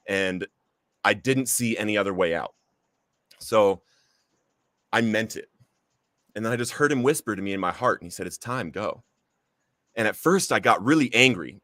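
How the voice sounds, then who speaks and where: A man's voice: lowish voice, pushed and bright, dry recording, studio quality. A man hosting a recovery podcast, sharing a personal testimony in an earnest, heartfelt storytelling manner. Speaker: podcast host.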